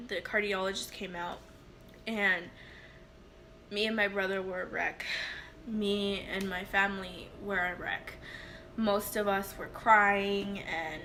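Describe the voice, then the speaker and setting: Slow-talking, bright-voiced young woman vlogger. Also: medium pitch, a little hiss or hum. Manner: emotional, halting retelling with fillers and restarts. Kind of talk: personal storytime vlog.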